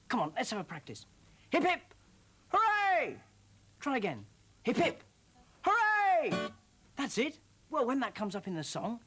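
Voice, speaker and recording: A British woman presenting children's television, telling a story to young children in a gentle, expressive, exclaiming way. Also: fairly high pitch, husky.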